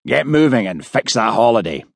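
A man's voice: medium pitch, sing-song, moderate pace, vocal fry, no echo, studio quality, voice pushed up. A man voicing a coarse, scheming middle-aged male detective who talks bluntly and crudely. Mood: gruff.

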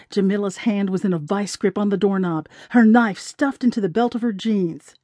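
A woman narrating an audiobook in a measured, dramatic storytelling manner. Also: medium pitch, steady tone, warm tone, no echo.

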